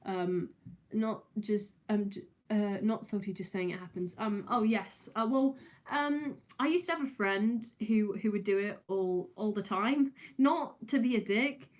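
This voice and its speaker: A woman's voice: mid-range voice, unhurried, a little mellow. A young woman, chatting casually on a livestream and answering viewers with many fillers, restarts and giggles. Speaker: streamer.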